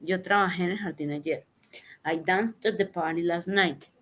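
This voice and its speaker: A woman teaching an English grammar lesson over a video call, explaining slowly and deliberately. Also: on the low side, a bit bright, lo-fi sound. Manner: slow, deliberate explanations with Spanish translations. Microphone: computer mic in a video call.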